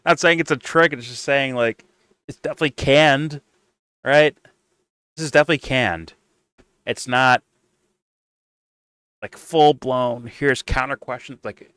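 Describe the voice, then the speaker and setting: A man's voice: mid-range voice, smooth, no room sound. A man co-hosting a podcast, giving casual reaction commentary in a profane, rambling rant full of restarts. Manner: profane, rambling, animated ranting with frequent restarts. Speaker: podcast co-host reacting to an interview.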